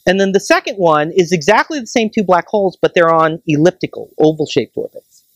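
A staff astronomer giving a public science lecture at a planetarium, explaining with everyday comparisons and checking in with the audience with quick "right?" questions. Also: mid-range voice, expressive, no echo.

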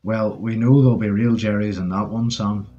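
A man's voice: lowish voice, steady tone, moderate pace, mellow, highs cut off, close to an everyday voice. A man voicing a cocky, joking young British soldier as he reads the story aloud. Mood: jaunty. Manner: breezy and joking.

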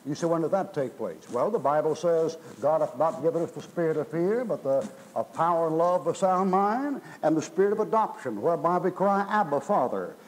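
A man's voice: a little high, lively intonation, fairly quick, hardly any pauses, slight background noise, rough recording. A middle-aged man preaching a sermon in a folksy, emphatic way, his voice rising in bursts. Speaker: pastor.

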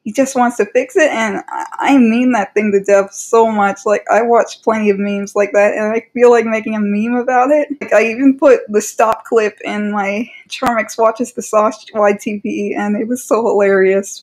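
Woman, fairly high voice, casual commentary, rambling, exasperated, many fillers. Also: normal speed, a little mellow. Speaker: commentary creator.

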